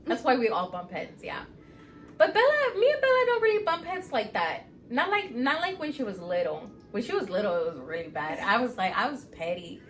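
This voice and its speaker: A woman in her thirties, a podcast co-host, telling a profane, animated story in casual chat. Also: on the high side, brisk, faint music behind.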